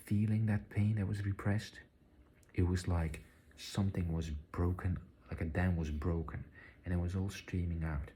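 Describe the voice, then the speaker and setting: A man telling an earnest, confessional personal story, halting and repeating words, sometimes dropping to a near-whisper. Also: sits low, steady tone, mellow, slight background noise. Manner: drops at times to a breathy near-whisper. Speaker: spiritual vlogger.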